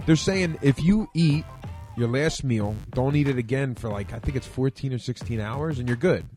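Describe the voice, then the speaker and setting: A man in his thirties with a South Philadelphia accent, an animated, joking comedian chatting as a podcast guest. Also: medium pitch, normal speed, soft background music. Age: 30s. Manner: animated, joking, says bro and dude. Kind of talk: casual chat.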